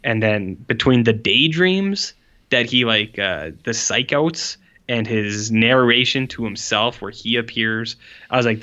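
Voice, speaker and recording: A man's voice: mid-range voice, measured pace, sharp tone, dull audio. A young man co-hosting a podcast in casual chat, rambling with lots of fillers and sounding exasperated. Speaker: podcast co-host.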